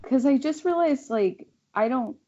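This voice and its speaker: A woman's voice: high-pitched, animated, measured pace, dark tone. A stand-up comedian from Los Angeles with a lisp, a woman chatting casually as a podcast guest, wry and self-deprecating, laughing easily. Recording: slightly dull lo-fi sound.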